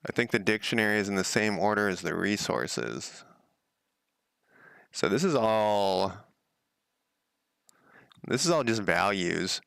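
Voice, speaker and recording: A man's voice: lowish voice, animated, measured pace, vocal fry, long pauses, fairly bright tone, smooth, dry recording, clean studio sound. A man streaming himself working on a game at home, thinking aloud in a casual, rambling way and often correcting himself. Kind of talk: casual live-coding commentary.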